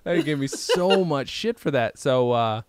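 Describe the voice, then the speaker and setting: A man's voice: medium pitch, expressive, measured pace, a little hiss or hum. Rambling, swearing man hosting a podcast. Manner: rambling storytelling with profanity and impressions. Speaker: podcast host. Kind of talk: casual chat.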